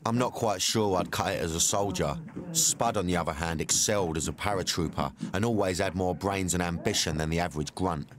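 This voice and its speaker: Low-voiced man narrating a documentary. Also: fairly quick. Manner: conversational, first-person storytelling. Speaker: documentary presenter. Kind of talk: voice-over narration.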